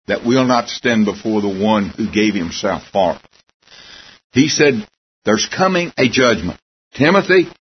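A man's voice: medium pitch, muffled recording, a little hiss or hum. A man preaching a sermon in a folksy, emphatic way, with wry asides.

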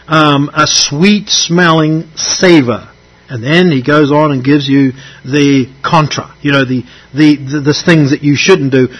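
A male preacher with a husky, slightly breathy voice, pitched fairly high for a man. He works slowly through scripture, leaning on key phrases and repeating them to drive them home. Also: fairly bright tone, rough recording. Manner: deliberate, emphatic repetition of key phrases. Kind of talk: sermon teaching from scripture.

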